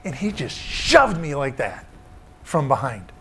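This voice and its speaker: A man's voice: mid-range voice, big pitch swings, unhurried, a bit bright, slight background noise. A middle-aged man preaching a sermon, telling a childhood story and repeating short emphatic refrains.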